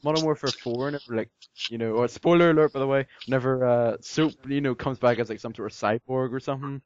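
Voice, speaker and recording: A man's voice: medium pitch, fairly quick, a little mellow, lo-fi sound, a little hiss or hum. A man chatting casually as a podcast co-host, rambling with lots of fillers and some sarcasm. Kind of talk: casual chat.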